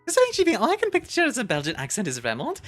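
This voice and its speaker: A woman streamer chats casually with viewers and reads their messages, talking fast in a high voice with huge pitch swings. She's giggly and rambling and restarts a lot. Quiet music plays in the background.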